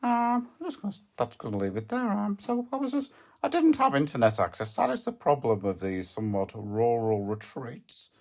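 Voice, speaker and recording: A woman hosting a comic podcast, rambling in a deadpan, hesitant way with constant ums and self-corrections. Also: very deep voice, normal speed. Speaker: podcast host.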